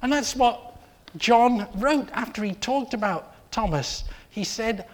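A preacher giving an earnest sermon, telling a story with steady repetition. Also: medium pitch, slow pace.

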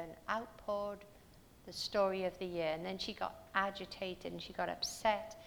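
A woman's voice: medium pitch, level tone, normal speed, creaky, long reverb tail, slight background noise. A woman preaching a sermon in a church, telling stories earnestly and asking her listeners rhetorical questions.

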